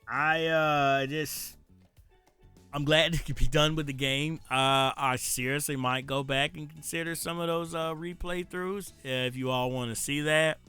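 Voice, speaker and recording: A man with a rural American country accent, chatting casually to his viewers while streaming a game, rambling with frequent pauses. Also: fairly high pitch, fairly even intonation, pushed and bright, clean tone, soft background music. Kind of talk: casual gameplay stream commentary.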